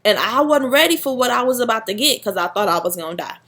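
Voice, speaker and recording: Young woman, fairly high voice, animated dramatic storyteller, casual slangy chat. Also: fast. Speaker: vlogger.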